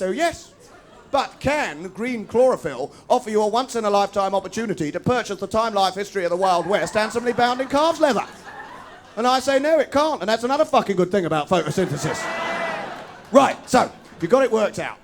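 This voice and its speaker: A man performing a fast, sarcastic stand-up routine for a live audience, ranting and then breaking into sudden shouts. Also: high voice. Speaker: stand-up comedian. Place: students' union bar with live audience.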